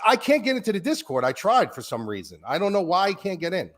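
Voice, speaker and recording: A man's voice: sits high, sing-song, fast, hardly any pauses, fairly bright tone. Brash, profane man from New York. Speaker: show regular. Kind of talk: casual trash-talking chat.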